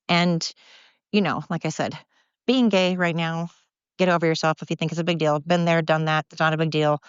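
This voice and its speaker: A woman's voice: sits low, fairly even intonation, fairly quick, clean tone, no echo. Blunt ranting woman, dull dry audio. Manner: blunt, fired-up ranting with profanity and self-mocking asides. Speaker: podcast host. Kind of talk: solo rant podcast.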